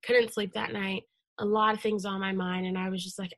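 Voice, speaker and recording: A woman's voice: medium pitch, level tone, brisk, no echo. Earnest young woman telling a story. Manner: emotional, earnest storytelling with fillers. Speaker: guest. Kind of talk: casual interview conversation.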